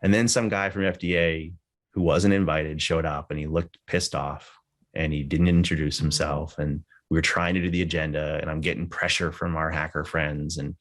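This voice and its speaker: A man's voice: very deep voice, steady tone, normal speed. A man telling a personal story in tribute at a memorial gathering, candid and conversational, with casual swearing. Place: live gathering with people present.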